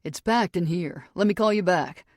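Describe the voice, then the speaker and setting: A woman voicing a gentle, teasing male bartender who speaks softly with a Texan accent. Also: sits high, normal speed, no echo, studio quality, natural voice. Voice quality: soft voice.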